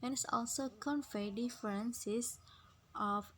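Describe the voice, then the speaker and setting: Slow, careful young woman student reader. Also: on the high side, low-quality recording. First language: Indonesian. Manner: slow, careful reading with hesitant restarts. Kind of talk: reading a class presentation. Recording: faint background noise.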